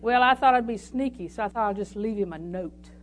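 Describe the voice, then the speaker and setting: A woman's voice: medium pitch, fairly quick, a little hiss or hum. A woman preaching a sermon, telling homely stories and reading scripture aloud. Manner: folksy storytelling with scripture reading.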